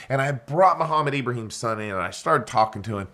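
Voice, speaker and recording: A man giving a keynote speech, telling a story with dramatic swings in loudness and acting out the people he quotes. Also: medium pitch, animated, fairly quick, few pauses. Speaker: keynote speaker.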